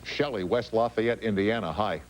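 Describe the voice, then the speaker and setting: A man hosting a call-in talk show, brisk and wry, cracking dry jokes with guests and callers. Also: on the low side, a little hiss or hum, low-quality recording.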